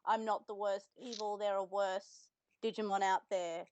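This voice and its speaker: A woman's voice: medium pitch, fairly even intonation, moderate pace, slight background noise, close to an everyday voice. A woman reading the lines of a scornful male demon villain in a light, plain voice.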